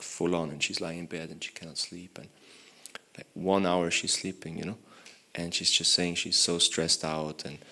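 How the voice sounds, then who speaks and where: A young monk gives a morning lecture in a temple, a storytelling sermon told loosely and conversationally with lots of "you know"s. His voice sits low, with a bright, forceful tone.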